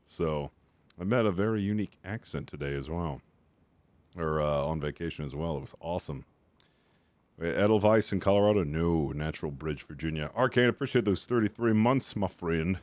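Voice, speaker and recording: A man with a very low voice chats casually with his stream viewers. He rambles and swears freely. His voice sounds dry and close, with no room around it. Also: animated, normal speed, a little mellow, no echo. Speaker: game streamer.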